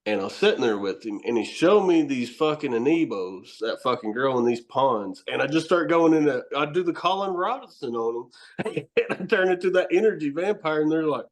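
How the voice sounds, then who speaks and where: A man, a horror host and wrestler, telling stories in a casual podcast chat, excitable and swearing freely, laughing often. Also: fairly high pitch, fairly quick.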